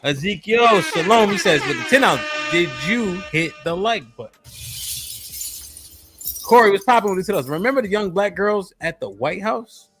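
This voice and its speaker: Man, live-stream host, bit high-pitched, reads donations aloud, soft music in the background. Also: expressive, moderate pace. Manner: loose and joking, reads chat messages aloud. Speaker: podcast host. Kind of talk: casual live-stream chat, reading donations.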